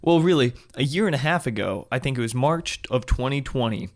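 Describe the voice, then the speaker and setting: A man's voice: medium pitch, expressive, brisk. A man hosting a podcast, asking casual, conversational interview questions. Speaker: podcast host.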